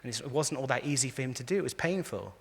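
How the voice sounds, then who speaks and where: Gravelly-voiced rabbi lecturing in an echoey hall. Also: male voice, mid-range voice, fast talker. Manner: animated storyteller, frequent restarts, acts out quotes. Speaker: rabbi giving a talk. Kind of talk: lively lecture to a live audience. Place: large convention hall.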